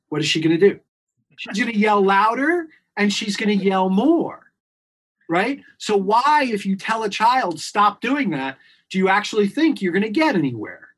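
A clinician appears as a guest on a podcast interview, explaining things as an expert in an earnest, emphatic way and circling back to key points. The voice is medium-pitched and slightly rough.

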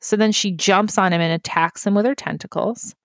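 A woman recapping a film scene by scene in a casual chat, animated and quick to laugh, with profanity sprinkled in. Her voice sits at a middle pitch and is recorded close and dry, with no room sound. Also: dry recording. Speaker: podcast co-host.

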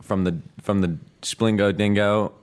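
A young man hosting a comedy podcast, bantering with quick, repeated interjections. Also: on the low side, fairly even intonation, smooth. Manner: quick, repetitive interjections, jokey. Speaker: podcast host.

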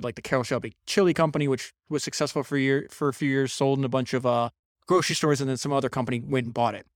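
Energetic man retelling a book, dry sound. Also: medium pitch, dry recording. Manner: energetic storyteller, quick asides and restarts. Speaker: podcast host reviewing a biography. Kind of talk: casual book summary.

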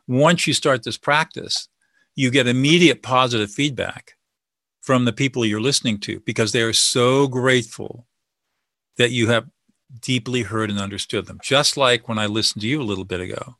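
Bright-voiced man confidently explaining techniques. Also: medium pitch, moderate pace, no echo, studio quality. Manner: confident, teaching, acts out sample dialogue. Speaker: guest expert on listening and de-escalation. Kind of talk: explanatory interview talk.

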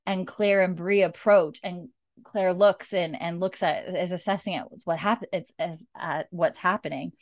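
A woman's voice: on the low side, fairly even intonation, measured pace, no room sound, studio quality. A woman casually recapping a TV episode, acting out the characters' lines as she goes. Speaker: podcast co-host recapping a TV episode. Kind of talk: casual chat.

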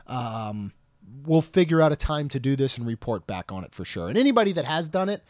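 A man's voice: medium pitch, big pitch swings, a little fast, darkish tone, no room sound, studio quality. A man in his thirties co-hosting a podcast, chatting casually and joking, rambling with frequent restarts. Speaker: podcast co-host.

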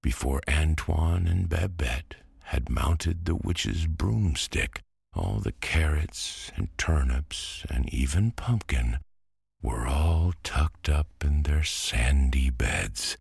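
Very deep, gravelly bedtime storyteller man. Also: lively intonation, darkish tone, no room sound, clean studio sound. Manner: slow, soothing delivery.

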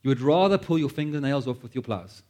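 A man preaching a sermon, animated, acting out quoted prayers and joking at his own expense. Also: medium pitch, fast. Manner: animated, acts out quoted prayers, self-deprecating asides. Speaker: pastor.

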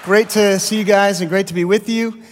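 A man's voice: sits high, fairly even intonation, moderate pace, a faint crowd, a little hiss or hum. A man in his thirties, a guest pastor, opens a sermon with chatty, self-deprecating stories full of fillers, speaking from a church stage. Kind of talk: sermon introduction, casual storytelling. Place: large church auditorium. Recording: long hall reverb.

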